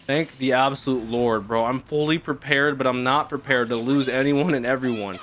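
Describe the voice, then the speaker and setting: Excitable man reacting to anime. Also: medium pitch, normal speed, few pauses, soft background music. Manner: excitable, swings from hushed awe to loud outbursts; casual slang, swearing. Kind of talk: live reaction commentary.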